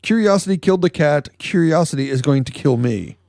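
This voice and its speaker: A man's voice: on the high side, animated, a little fast, creaky, darkish tone, no echo, clean studio sound. A man co-hosting a comedy news podcast, telling stories in a rambling, joking way. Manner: joking, rambling storytelling with laughs. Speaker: podcast co-host. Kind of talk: casual comedic news chat.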